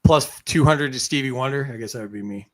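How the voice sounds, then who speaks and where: A man's voice: medium pitch, fast. A man hosting a casual online game show, reading out points and viewer comments. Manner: reads out points and comments, trailing off.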